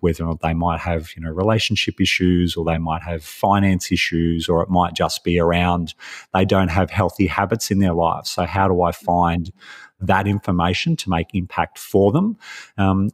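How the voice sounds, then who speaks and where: A man with an Australian accent, a life coach chatting as a podcast guest, relaxed and rambling with many fillers. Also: deep voice. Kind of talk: casual podcast interview. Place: home in Melbourne, remote call.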